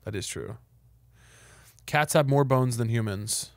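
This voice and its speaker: A man hosting a podcast in casual comedic chat, deadpan and calm even when describing absurd scenarios. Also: mid-range voice, a little slow, no echo, studio quality. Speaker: podcast host.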